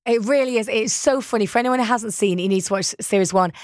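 A woman's voice: a little high, fast talker, no room sound, clean studio sound. Enthusiastic woman radio presenter. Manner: enthusiastic, gushing, fan-like. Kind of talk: radio interview.

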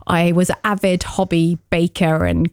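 A woman's voice: on the low side, very animated, normal speed, a little mellow, smooth, no room sound, clean studio sound. A woman from England with a London accent, a chef and cookbook author chatting in an interview with lots of fillers. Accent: London English. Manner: chatty, with frequent fillers and laughs.

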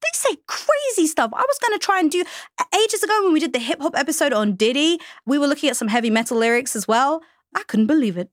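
A woman co-hosting a casual legal discussion, quick and questioning, laughing easily. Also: high-pitched, animated, no room sound, clean studio sound. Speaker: podcast co-host.

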